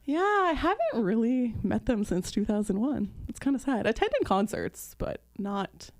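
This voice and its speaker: A woman in her thirties with a slightly high voice co-hosts a casual podcast. She tells her stories with lively energy and acts out the voices of the people in them. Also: measured pace. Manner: lively storyteller who acts out quoted voices. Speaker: podcast co-host. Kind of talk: casual storytelling chat.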